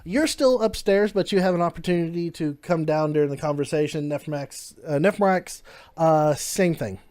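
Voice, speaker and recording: A man narrating as game master of a tabletop game, prompting the players in a relaxed way. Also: a little high, normal speed.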